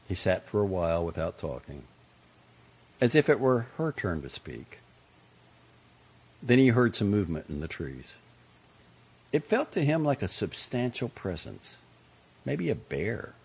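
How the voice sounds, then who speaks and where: Husky low-voiced man reading aloud. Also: a little mellow. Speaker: reader of magazine pieces. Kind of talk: scripted narration of fiction and an essay. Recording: dull lo-fi recording.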